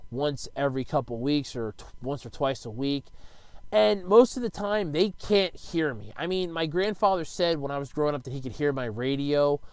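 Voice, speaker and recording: Rambling, swearing man with smooth voice. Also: a little high, moderate pace, no echo. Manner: rambling, swears casually, sudden loud outbursts. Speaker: YouTuber answering viewer questions. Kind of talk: casual rambling monologue. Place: his bedroom at home. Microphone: close desk microphone.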